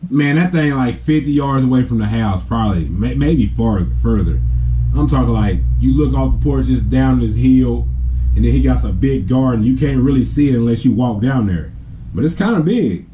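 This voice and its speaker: A man's voice: medium pitch, animated, normal speed, dark tone, a little hiss or hum. A man telling a family story in a casual, rambling way. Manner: rambling, with many fillers and restarts. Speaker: family vlogger.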